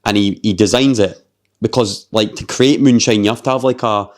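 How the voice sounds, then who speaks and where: Animated Scottish man telling a story. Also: on the low side, moderate pace. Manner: animated storyteller, swears freely, heavy use of "like". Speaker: podcast host. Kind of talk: casual chat.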